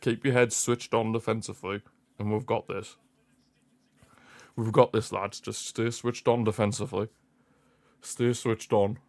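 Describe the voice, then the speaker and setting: A man's voice: on the low side, flat delivery, a little slow, long pauses, darkish tone. A young man hosting a football watchalong stream, anxious and pleading as he comments on the match live.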